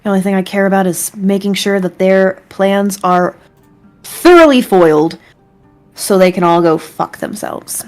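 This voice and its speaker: A woman's voice: medium pitch, moderate pace, a little mellow, faint music behind. A woman playing a tabletop role-playing game, chatting and plotting in casual talk. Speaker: player.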